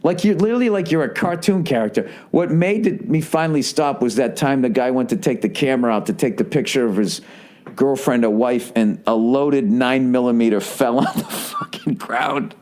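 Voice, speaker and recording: A man in his forties hosting a solo comedy podcast, telling stories in a profane, rambling way, with many "right?" asides and quick mocking impressions. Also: wildly swooping pitch, a little mellow. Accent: Boston. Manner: slips into mocking impressions with jumps in pitch. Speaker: podcast host.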